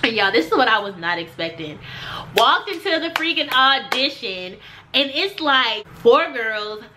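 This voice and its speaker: A young woman telling a storytime vlog, animated and acting out the people she quotes. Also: on the high side, unhurried, noisy background. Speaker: vlogger.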